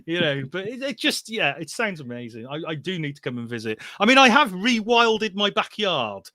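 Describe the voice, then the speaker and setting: An enthusiastic male host chats warmly and earnestly, his voice bright and fairly high for a man. He is heard dry and close, with nothing of the room behind him. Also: big pitch swings, moderate pace, dry recording. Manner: enthusiastic, earnest, openly emotional. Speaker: podcast host. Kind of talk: casual interview chat.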